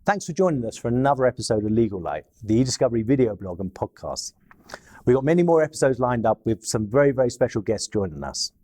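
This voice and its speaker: A man hosting a video podcast, wrapping up an interview and signing off briskly. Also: mid-range voice, very animated, mellow. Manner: brisk promotional wrap-up. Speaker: podcast host. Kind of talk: interview host and sign-off.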